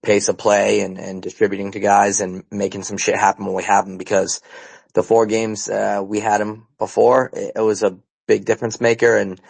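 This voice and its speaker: Gravelly low-voiced male podcast host. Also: level tone, moderate pace, low-quality recording. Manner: laid-back, joking, bro-ish banter. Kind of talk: casual fan podcast chat.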